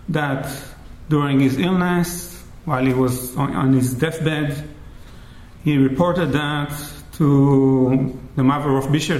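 A man giving an academic lecture in a measured way, often checking in with "right?". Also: medium pitch, a little mellow. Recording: roomy echo.

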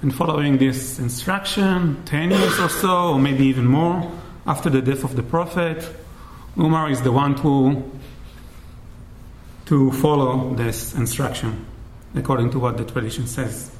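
A man giving an academic lecture in a measured way, often checking in with "right?". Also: mid-range voice, slight background noise. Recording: roomy echo.

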